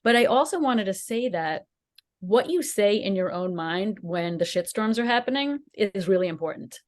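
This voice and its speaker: A woman's voice: medium pitch, lively intonation, moderate pace, a little mellow. A woman co-hosting a podcast, telling a personal story in casual chat and acting out the quotes with animation. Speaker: podcast co-host.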